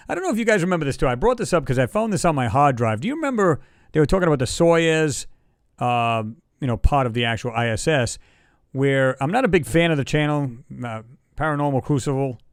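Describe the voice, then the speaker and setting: A man's voice: medium pitch, no echo, clean studio sound. A man hosting a casual livestream chat, talking in a loose, rambling way and reading viewer comments aloud. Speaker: livestream host.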